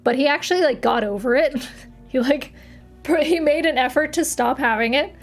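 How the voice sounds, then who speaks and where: A young woman with a northern US accent chats on a livestream, her fairly high voice bright with giggles as she banters with viewers. She talks into a desk mic with faint music underneath. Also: normal speed. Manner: chatty, giggly, answers viewer chat playfully. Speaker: streamer. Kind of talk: casual livestream chat. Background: faint background music.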